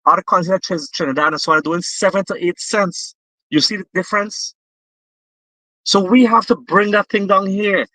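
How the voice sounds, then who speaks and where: A man's voice: sits high, steady tone, moderate pace, sharp tone, no room sound, low-quality recording. A Guyanese man talking politics with passion, often restarting his sentences. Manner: impassioned, repetitive restarts. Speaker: political guest. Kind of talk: political discussion.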